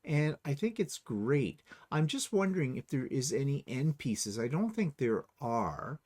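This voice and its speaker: A man's voice: mid-range voice, big pitch swings, unhurried, darkish tone. A middle-aged man hosting a quilting show in casual chat, rambling a little and correcting himself as he goes. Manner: chatty, rambling, self-correcting. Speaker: host.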